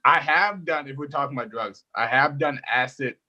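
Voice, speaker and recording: A young man, a comedian, chatting casually and telling animated stories, laughing often and swearing freely. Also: mid-range voice, moderate pace, highs cut off. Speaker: comedian guest. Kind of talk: casual storytelling chat.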